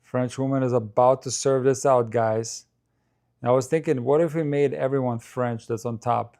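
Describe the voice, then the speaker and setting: A man's voice: medium pitch, steady tone, normal speed, darkish tone. Man chatting through live match commentary. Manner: chatty, thinks aloud, addresses viewers.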